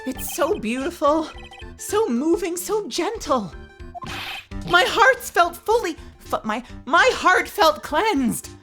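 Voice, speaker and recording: A woman's voice: very high voice, sing-song, slow pace, soft background music, voice pushed up, exaggerated voice. A woman voicing a brash, goofy young man who speaks with a put-on New York and surfer drawl. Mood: gushing. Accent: put-on New York and California surfer mix. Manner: loud, whiny, dude-speak.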